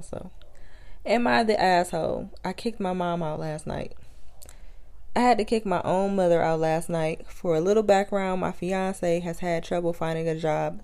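A woman co-hosting a casual podcast chat, retelling stories and acting out the people in them. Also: gravelly. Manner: animated storytelling, acts out quoted people in higher voices. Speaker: podcast co-host.

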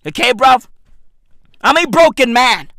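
Guy ranting in fake outrage, squeaky high voice that swoops all over, dry close sound. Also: measured pace, dry recording. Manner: animated, swearing, exaggerated mock outrage, repeats "bruv"; breaks into shouts and squeaky high-pitched bursts. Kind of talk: profane comedic rant.

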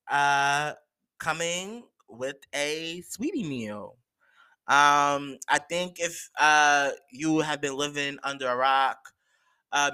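Male podcast host, bright and crisp, slow and gossipy. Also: on the high side. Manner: animated and gossipy, with slangy asides and many fillers. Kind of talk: casual solo podcast chat.

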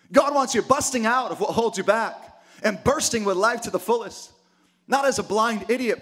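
A man preaching a sermon with lots of energy, dropping to quiet asides and then rising to shouted exclamations. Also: high voice. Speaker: pastor.

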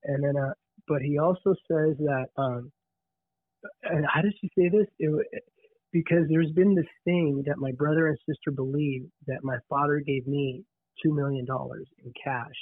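A man telling a story in casual conversation, animated, often restarting and repeating words. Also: a little high, moderate pace, no room sound. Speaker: podcast guest. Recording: tinny phone-line sound.

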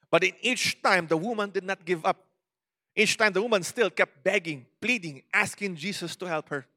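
A man's voice: high-pitched, sharp tone, in a large hall. A man with a Cebuano Filipino accent preaching a sermon in a conversational way, often checking in with the listeners. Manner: code-switching, conversational, asks the congregation questions.

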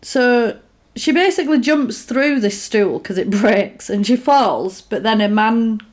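Woman recapping a movie, chatty, does little voices for the characters. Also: fairly high pitch. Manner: animated, acts out characters' lines in quick voices. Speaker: film recapper. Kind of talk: casual chat retelling a film.

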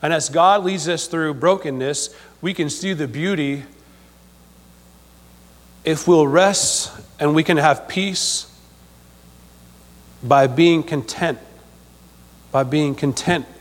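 A man's voice: fairly high pitch, takes it slowly, pauses often. A man preaching a sermon to a congregation, emphatic and repetitive, often checking in with them. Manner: emphatic, repeats himself, asks congregation for amen. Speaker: pastor. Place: church. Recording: long hall reverb.

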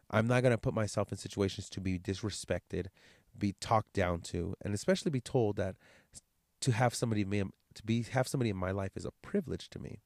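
This solo podcast comes from a man whose cold has left him nasal and congested as he rambles on, cursing and speaking openly. His fairly low voice has a darkish tone, captured in clean studio sound with no room sound.

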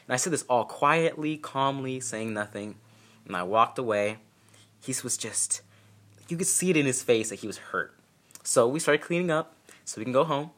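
Young man, bright tone, storytime vlog, blunt and self-deprecating. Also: medium pitch, normal speed. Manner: candid, profane, self-mocking humor. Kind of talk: casual storytime.

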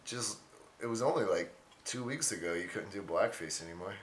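A man's voice: on the low side, brisk, a little hiss or hum. Man cracking crude jokes. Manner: crude, deadpan joking. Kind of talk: casual comedic chat. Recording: echoey room.

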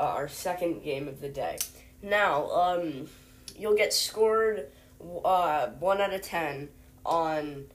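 A young woman hosting a homemade mock news show, rambling and hesitant, full of fillers. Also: fairly low pitch. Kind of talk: playful mock newscast.

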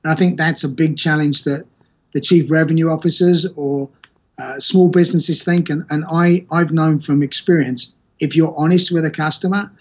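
A man with a husky, slightly raised voice talks in a loose, conversational way, often restarting his sentences as he explains his view. The recording sounds muffled and lo-fi. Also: fairly high pitch, steady tone, normal speed, a little mellow. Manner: rambling, self-correcting storyteller. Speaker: podcast guest. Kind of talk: casual conversation.

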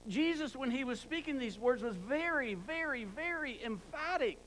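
A man delivers a sermon in a fairly high voice, pressing his points by repeating words. He often trips and restarts mid-word. A faint hum runs under the recording. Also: lively intonation, moderate pace, hardly any pauses, fairly bright tone, poor audio. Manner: emphatic, repeats words for stress. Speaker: preacher.

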